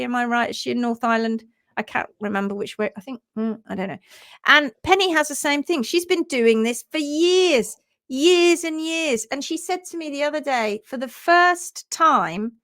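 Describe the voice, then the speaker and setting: A chatty woman hosts a live stream about horse care, reading viewer comments aloud and reacting with quick laughs. Her voice sits a little high for a woman, and she acts out quotes in playful voices. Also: a bit bright, no room sound, studio quality.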